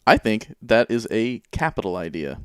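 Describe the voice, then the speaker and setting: A male co-host chatting casually in a relaxed, dryly humorous way. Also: on the low side, normal speed, clear, resonant tone, dry recording, studio quality. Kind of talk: casual chat.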